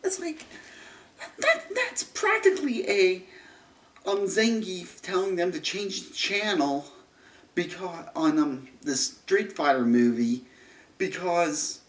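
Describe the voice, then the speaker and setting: A man's voice: high-pitched, fairly bright tone. A man ranting through a film review, rambling, restarting sentences and turning sarcastic. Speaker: movie reviewer. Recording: roomy echo, distant mic.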